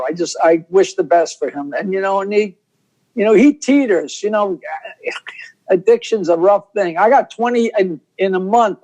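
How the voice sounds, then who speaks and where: An older comedian guest on a video call, telling stories in a rambling, self-interrupting way. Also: male voice, high voice, mellow, rough recording.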